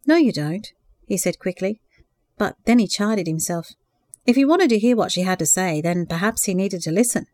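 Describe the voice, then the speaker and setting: Calm woman reading a novel aloud. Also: medium pitch, normal speed, no echo, studio quality. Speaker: narrator. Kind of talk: scripted audiobook narration.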